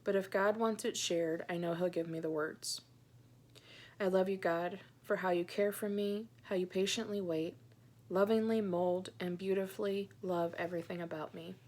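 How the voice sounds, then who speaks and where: Woman, 30s, Christian blogger; slightly low voice, soft and halting, reads her journal earnestly. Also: steady tone. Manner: soft, hesitant, many ums; earnest and heartfelt. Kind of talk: personal vlog, reading her own journal aloud.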